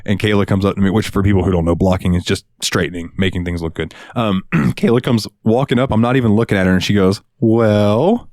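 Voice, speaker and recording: A man co-hosting a podcast, telling a work story in an animated, profane, casual way. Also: low-pitched, fast talker, few pauses, no room sound, clean studio sound. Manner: animated, profane, swings into voices. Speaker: podcast co-host.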